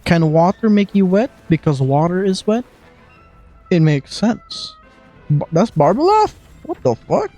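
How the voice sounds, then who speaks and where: A streamer doing casual live gaming commentary, reacting loudly and swearing while playing. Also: mid-range voice, very animated, unhurried, faint music behind.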